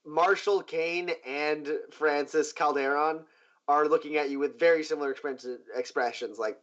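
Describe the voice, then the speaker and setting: A man narrating as game master in a tabletop game, halting with many fillers. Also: fairly high pitch, a bit bright, lo-fi sound.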